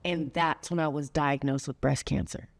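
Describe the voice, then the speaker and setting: A woman's voice: low-pitched, fairly even intonation, normal speed, vocal fry. A middle-aged woman hosting a heartfelt sit-down conversation, telling a story earnestly and laughing often. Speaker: podcast host.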